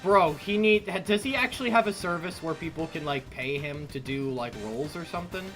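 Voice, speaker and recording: A man guesting on a casual stream, an artist who talks animatedly and excitably, often saying "bro". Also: fairly high pitch, fairly quick, soft background music.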